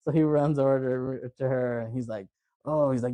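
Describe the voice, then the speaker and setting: A man's voice: medium pitch, fairly even intonation, normal speed, dark tone, dry recording. A man hosting a casual movie podcast, retelling scenes loosely and laughing as he acts out the characters' lines. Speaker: podcast host.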